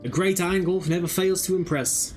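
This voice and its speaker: A man voicing a smooth, courtly male merchant with formal old-fashioned phrasing. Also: high voice, fairly even intonation, a little fast, a little mellow, faint music behind, pitched above the performer's own voice, lightly acted.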